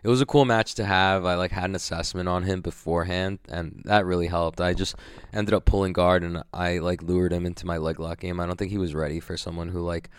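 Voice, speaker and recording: A young man, a grappling competitor, recaps his competition day in a casual vlog, rambling profanely with plenty of "like" and filler words. His low voice is steady, brisk, clear and resonant, recorded with no room sound.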